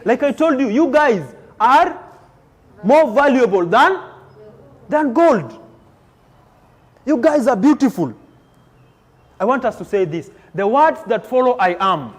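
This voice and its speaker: A man giving an energetic motivational talk to students in a school hall, leading call-and-response chants. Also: very high voice, measured pace, long pauses. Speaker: motivational speaker. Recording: reverberant hall with crowd.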